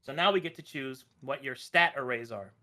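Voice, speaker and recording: A man running a tabletop game on a live stream, walking players through the rules in a brisk, upbeat way. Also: mid-range voice, sharp tone. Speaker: game master.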